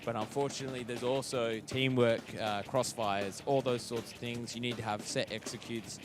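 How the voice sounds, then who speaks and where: A man's voice: mid-range voice, fairly even intonation, moderate pace, music in the background. A young man giving casual esports commentary, chatty and analytical with lots of fillers and teasing banter.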